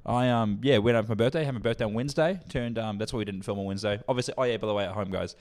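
A man's voice: lowish voice, racing, darkish tone. A man, co-hosting a podcast in crude, rambling casual chat. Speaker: podcast co-host.

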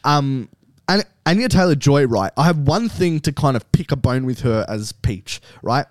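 A young man co-hosting a podcast in casual chat, relaxed and swearing freely. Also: mid-range voice, dry recording, studio quality. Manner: relaxed, swears often, drawn-out phrasing. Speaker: podcast co-host.

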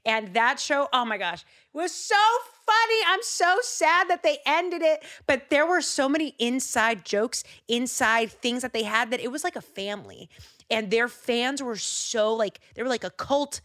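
A young woman hosting a casual podcast, talking about her faith in a rambling, playful way with lively asides. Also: fairly high pitch, moderate pace. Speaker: podcast host. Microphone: studio microphone.

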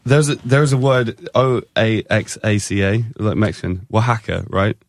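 A man's voice: fairly low pitch, steady tone, normal speed. A man with an English accent, chatting casually and telling stories in a rambling, sheepish way. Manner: rambling, sheepish storytelling with frequent restarts. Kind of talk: casual chat.

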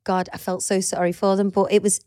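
Woman co-host, 30s, lively chatty delivery, mid pitch, dry close mic. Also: brisk, no room sound. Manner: chatty, animated, swears casually. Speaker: podcast co-host. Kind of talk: casual chat.

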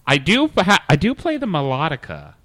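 A male podcast host doing improv comedy, hesitant and halting in his talk. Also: fairly high pitch, wildly swooping pitch, a bit bright, dry recording.

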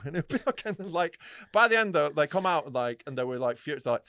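A man's voice: high-pitched, very animated, brisk, a bit bright, no room sound, clean studio sound. A young man telling a story in casual podcast chat. He swears freely and acts out the people he describes. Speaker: podcast co-host.

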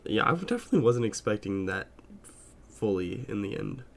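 A man's voice: on the low side, big pitch swings, normal speed, a bit bright. A man co-hosting a podcast in casual chat, rambling with many fillers and swears. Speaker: podcast co-host.

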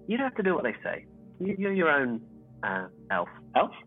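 A man's voice: on the high side, huge pitch swings, moderate pace, faint music behind. A man playing in a tabletop role-play game, earnest and rambling, with a joking streak. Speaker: player. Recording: tinny phone-like line.

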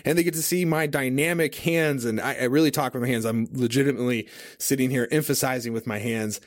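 A man hosting a casual teaching podcast, talking in a relaxed, conversational way with many fillers, at a studio mic on a stand. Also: medium pitch, fast talker, dry recording. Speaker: podcast host. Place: home studio at a desk.

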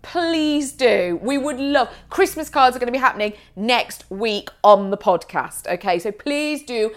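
A woman co-hosting a podcast, chatting casually and throwing in quick reactions and asides. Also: fairly high pitch, expressive. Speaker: podcast co-host. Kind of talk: casual chat.

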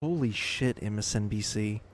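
A man hosting a podcast, reacting to news clips in an excitable, profane, casual way. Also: on the low side, normal speed. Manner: excitable, profane, laughs a lot. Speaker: podcast host.

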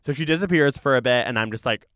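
A young man from Canada telling a story in a casual podcast chat, acting out quotes in high voices. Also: quick pace, a bit bright, no echo, clean studio sound. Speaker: podcast co-host.

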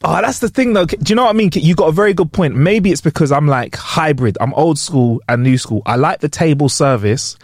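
A young British man, talking quickly and animatedly in a casual podcast chat. His pitch swings widely as he jokes and throws in slang, and the voice sounds close and dry. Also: no echo. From Britain. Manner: animated, slangy, laughs often. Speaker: podcast co-host.

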